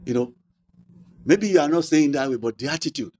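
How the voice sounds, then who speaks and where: A man preaching a sermon, asking the congregation rhetorical questions and drawing out key words slowly. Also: on the high side, expressive, a little mellow, slight background noise. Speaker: pastor.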